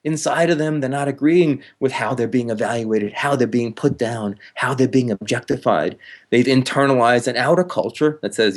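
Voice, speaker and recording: A man, a counselor, talks as an interview guest, explaining with lively energy, laughing now and then and acting out harsh inner voices. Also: mid-range voice, moderate pace. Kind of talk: explanatory conversational talk.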